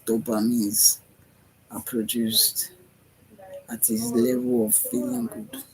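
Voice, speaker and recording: Slow, dreamy man rambling. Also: medium pitch, sing-song, creaky, darkish tone, poor audio. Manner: meandering, dreamy, repeats himself, with yawns and sighs. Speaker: vlogger. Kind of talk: rambling spiritual self-talk vlog.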